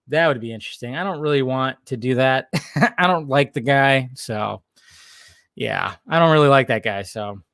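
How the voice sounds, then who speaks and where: A man's voice: mid-range voice, moderate pace, vocal fry, a bit bright, dry recording, clean studio sound. A young man hosting a casual livestream, reading chat and rambling, jokey and full of swearing.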